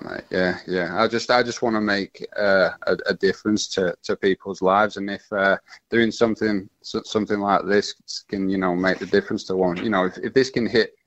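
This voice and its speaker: A man, telling his story as a radio interview guest, halting and full of restarts. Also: sits low, no echo, dull audio.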